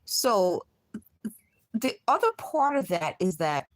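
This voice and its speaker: A hoarse woman talking to her camera from her bedroom after just waking up, rambling and agitated with many restarts. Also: mid-range voice, very animated, slow pace, dry recording, rough recording. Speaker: vlogger. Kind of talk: rambling late-night vlog monologue. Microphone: recording herself on camera.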